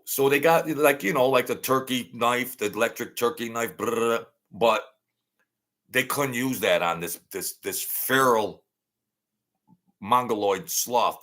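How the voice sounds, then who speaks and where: A middle-aged channel host reads chat on his livestream, reacting bluntly and mockingly, repeating himself and ranting loudly before laughing. His voice sits at medium pitch.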